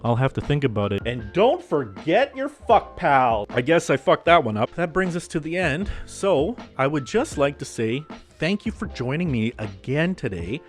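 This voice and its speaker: A man's voice: on the high side, very animated, moderate pace, hardly any pauses, faint music behind. A man hosting a casual comedic podcast, ranting in a profane, jokey way. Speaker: podcast host.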